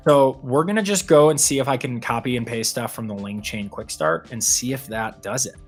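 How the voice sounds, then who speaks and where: A man co-hosting a developer livestream, casually explaining code as he works, relaxed and self-deprecating. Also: mid-range voice, fairly quick, soft background music. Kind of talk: casual chat while live coding.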